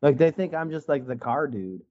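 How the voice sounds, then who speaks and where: A man's voice: fairly high pitch, lively intonation, moderate pace, dull audio. Rambling man from Wisconsin on a call. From Wisconsin, USA. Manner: rambling, heavy use of "like" and "you know". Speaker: guest artist. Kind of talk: casual storytelling in an interview. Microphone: video call.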